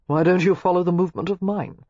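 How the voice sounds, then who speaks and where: A reader voicing a calm nobleman husband who speaks evenly with dry amusement. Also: sits high, fast talker, dry recording, dull audio. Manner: even, dryly amused. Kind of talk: audiobook character voice.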